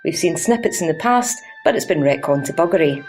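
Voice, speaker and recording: A woman's voice: low-pitched, lively intonation, fairly quick, darkish tone, soft background music. A young Scottish woman narrating a scripted video game review in a sarcastic, crude and cheeky way.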